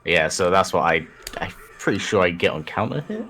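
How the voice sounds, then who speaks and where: Deep-voiced young man coaching a game. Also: a little fast, a little hiss or hum. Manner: relaxed, explains game mechanics. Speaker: guest coach. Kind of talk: casual coaching during gameplay.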